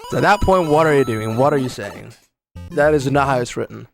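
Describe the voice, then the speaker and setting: Young man, mid-pitched voice, slangy rambling stream chat, mutters at his game, faint music behind. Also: lively intonation, brisk, gravelly. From Brazil. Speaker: speedrun streamer. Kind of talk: casual livestream chat while playing.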